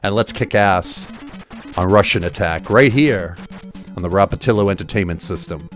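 A man streaming retro games and commenting casually, excitable and jokey, swearing often as he plays. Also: low voice, moderate pace, soft background music.

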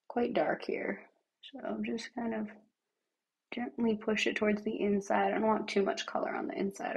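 Raspy-voiced woman chatting through makeup. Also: mid-range voice. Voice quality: raspy, like a smoker. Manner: chatty, thinks aloud while working, drops to near-whispers. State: lingering cough. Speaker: livestreamer. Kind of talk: casual makeup tutorial chat.

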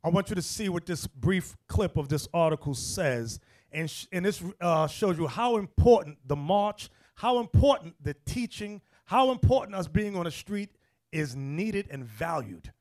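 A man's voice: high voice, lively intonation, moderate pace. A man who leads the group as bishop, guiding the discussion and giving instructions to the others. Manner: directive, acts out quotes loudly. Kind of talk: casual teaching discussion.

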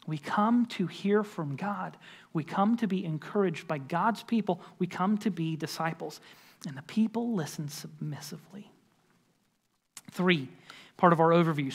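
A man's voice: high-pitched, a little slow, a bit bright, breathy edge. A man preaching a sermon as pastor in a church, conversational and emphatic, with frequent filler words. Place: church sanctuary.

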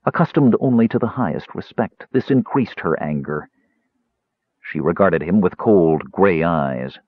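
A man reading a fantasy novel aloud as an audiobook narrator, with expressive, dramatic delivery. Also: sits low, measured pace, husky, dry recording. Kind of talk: scripted narration. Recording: dry, slightly dull recording.

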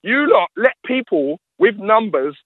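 Ranting high-voiced man, tinny. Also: big pitch swings, measured pace, no room sound. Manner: ranting, emphatic, repeats himself. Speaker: guest. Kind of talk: heated radio interview. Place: radio studio.

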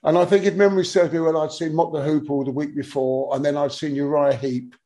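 A man in his sixties, a guest musician telling rambling, animated stories with lots of restarts and casual swearing. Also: fairly high pitch, a little fast. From England. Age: 60s. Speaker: guest musician, bass player. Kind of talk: casual anecdotal interview talk.

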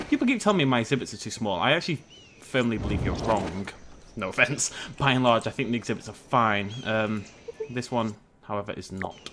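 This gaming host's voice is on the low side, animated and bright with a pushed quality, moving at a moderate pace. He's a young man doing relaxed let's-play commentary, joking, addressing the animals on screen and shrieking suddenly when surprised. A faint hiss or hum runs under the recording.

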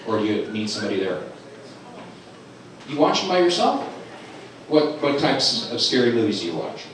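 A man doing a stand-up comedy set in a club, loud, animated and teasing the audience. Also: mid-range voice, normal speed, slight background noise. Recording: roomy club sound from a distant camera, crowd laughing. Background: audience laughter.

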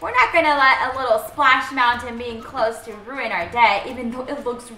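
A woman playing a family roleplay game, talking in an animated, excitable, bossy mom tone. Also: fairly high pitch, moderate pace, reverberant, soft background music. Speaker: roleplay player voicing the mom figure. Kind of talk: playful game roleplay narration.

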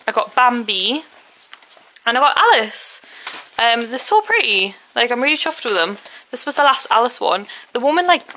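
A woman's voice: mid-range voice, a little hiss or hum. A young woman chatting casually to camera in a vlog, telling stories with lots of "like" and acting out what people said. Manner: animated storytelling, acts out quotes, lots of "like". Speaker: vlogger.

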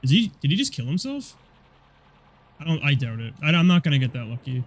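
A young man giving casual, profane commentary over a car combat game, rambling and quick to get annoyed. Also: fairly high pitch, big pitch swings. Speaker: gameplay commentator.

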